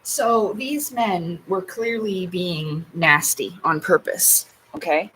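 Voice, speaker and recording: A woman's voice: fairly low pitch, slow, fairly bright tone, poor audio. Agitated woman venting, faint noise behind. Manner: agitated, swearing, reenacting her own quotes. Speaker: vlogger. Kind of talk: casual ranting vlog.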